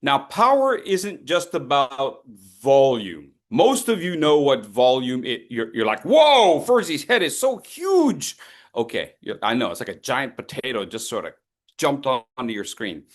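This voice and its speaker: A man's voice: medium pitch, big pitch swings, normal speed. A man leading an online public speaking workshop over a video call, playful and teasing as he calls on participants.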